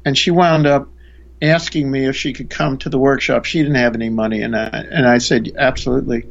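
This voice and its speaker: A man's voice: medium pitch, steady tone, fairly quick, vocal fry, highs cut off. A man, a spiritual teacher, earnestly telling a story in a conversation, often restarting his sentences.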